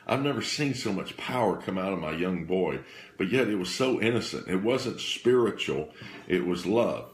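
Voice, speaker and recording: Man, low voice, earnest testimony storyteller, halting delivery with many restarts, echoey room. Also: lively intonation. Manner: halting, repeats and restarts phrases; earnest, emotional retelling. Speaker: speaker sharing a faith testimony. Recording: roomy echo.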